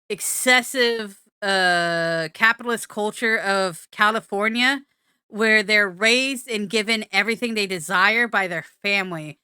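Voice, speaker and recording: A woman's voice: medium pitch, bright, forceful tone, clean tone, no room sound, clean studio sound. A woman streamer chatting casually, self-deprecating, explaining at length with many fillers. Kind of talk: casual live-stream chat.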